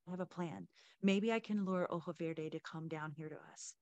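Woman doing a sly woman warrior from a storybook, hushed and urgent, low-ish voice, dry sound. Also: normal speed, no room sound, highs cut off, natural voice. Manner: hushed, urgent, then fake moaning. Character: resourceful woman fighter, cunning and calm.

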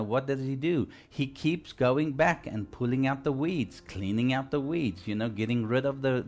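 A man preaching a broadcast sermon in a conversational way. He asks listeners questions and turns louder and higher when stressing a point. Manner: frequent fillers and restarts.

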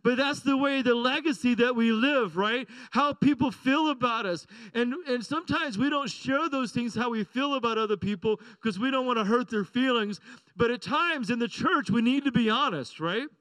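A man's voice: extremely high pitch, normal speed, sharp tone, smooth, no echo, low-quality recording. A middle-aged male pastor preaching a sermon in a conversational, joking way, often asking the congregation "right?" and "amen?".

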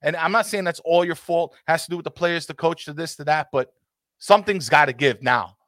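Male podcast host, heated ranter, swears a lot, higher pitch. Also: a little fast, a bit bright, dry recording, studio quality. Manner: passionate, ranting, swears freely. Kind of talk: heated casual football talk.

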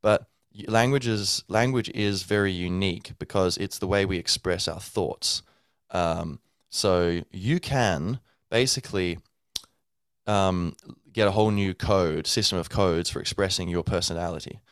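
A man's voice: low-pitched, measured pace, no echo, clean studio sound. A man hosting a podcast, speaking in a loose, rambling monologue full of fillers and sounding tired from little sleep. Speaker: podcast host.

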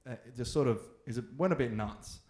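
A man's voice: mid-range voice, a little fast, a little mellow, roomy sound. A man from Australia chatting casually on a podcast, asking easygoing questions. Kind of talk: casual comedic chat.

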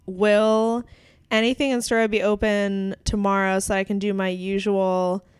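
A woman co-hosting a podcast at home, talking casually and laughing often. Her voice is smooth and clear, recorded close and dry on a studio mic. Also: mid-range voice, level tone, moderate pace, no room sound. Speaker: podcast co-host. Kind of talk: casual chat.

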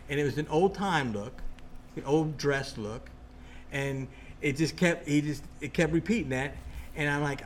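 A man in casual conversation, telling a ghost story in an excitable, rambling way with many restarts. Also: fairly high pitch, moderate pace, a little hiss or hum.

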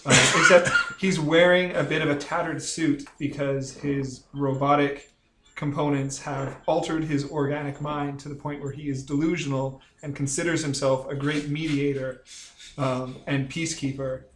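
A man's voice: fairly high pitch, little pitch movement, normal speed, fairly bright tone, a little hiss or hum. A man describing his game character in a wry, understated way. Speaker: player. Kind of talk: casual podcast chat. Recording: echoey room.

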